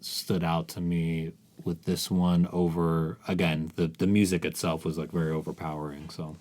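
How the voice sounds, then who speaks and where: A man with a very low, dark and mellow voice, co-hosting a music podcast. His talk is halting and hesitant, and he often drifts off mid-thought. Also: flat delivery. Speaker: podcast co-host. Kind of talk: casual music podcast chat.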